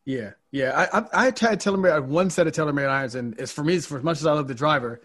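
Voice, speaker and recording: A man hosts a casual chat and tells a story with energy, restarting often as he goes. His voice sits somewhat high and moves along very fast. It has a husky edge. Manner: animated, rambling, many restarts. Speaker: podcast host.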